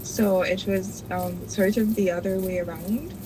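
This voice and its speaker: A woman's voice: medium pitch, fairly even intonation, unhurried, a loud crowd, poor audio. A woman in her twenties calling into an advice show, reflective and hesitant, with many fillers. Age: 20s. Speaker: caller. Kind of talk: call-in conversation.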